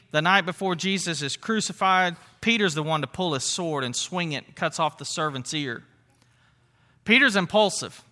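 A middle-aged man with a high, bright, forceful voice preaches a sermon. He's earnest and conversational, drifting into asides and restarting as he works through the story.

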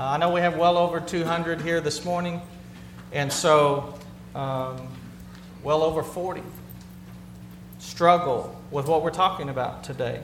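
High-voiced pastor in a roomy hall. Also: male voice, a bit bright. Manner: earnest, plain-spoken, repeats and restarts phrases. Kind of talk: conversational sermon. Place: church sanctuary with a congregation. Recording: roomy hall sound with faint hum.

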